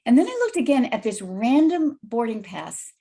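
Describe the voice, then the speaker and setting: A woman guest telling a personal story in a lively, vivid way on a video call podcast. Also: on the high side, normal speed, husky.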